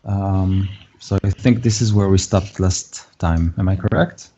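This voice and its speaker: A man's voice: sits low, measured pace, mellow, slight background noise. A man narrating as game master of a tabletop game, hesitant with many fillers and frequent laughs. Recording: dull lo-fi audio.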